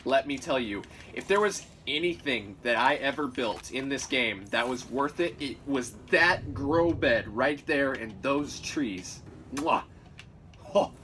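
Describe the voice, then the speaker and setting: A man's voice: mid-range voice, animated, unhurried, pushed and bright, a little hiss or hum. A man hosting a let's play, chatting playfully through casual gaming commentary and talking to the creatures on screen. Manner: playful, chatty, gushes and talks to game creatures. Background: game music.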